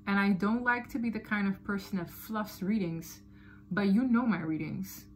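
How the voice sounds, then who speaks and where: A woman giving a tarot reading to her viewers, talking in a loose, animated way, often laughing and repeating phrases. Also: mid-range voice, moderate pace, a little hiss or hum, rough recording. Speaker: tarot reader. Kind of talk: casual tarot reading to camera.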